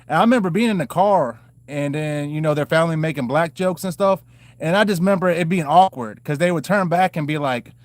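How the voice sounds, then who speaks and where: A man's voice: fairly high pitch, dry recording. A man telling his own life story to the camera in a loose, rambling way, full of "you know" fillers and restarts. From Maryland and North Carolina, US.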